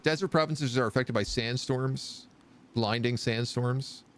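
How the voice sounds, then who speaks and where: This Canadian streamer speaks in a mid-range voice at a measured pace while playing a strategy game live. Chatting casually, he reads out messages from his viewers and responds to them during the commentary.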